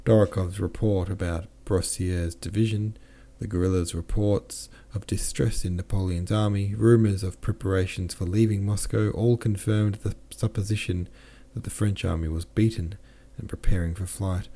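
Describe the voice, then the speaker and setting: A man's voice: low voice, fairly even intonation, normal speed, few pauses, mellow. A man hosting a podcast, reading a classic novel aloud with plain delivery and casual self-corrections and asides. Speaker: podcast host and audiobook reader.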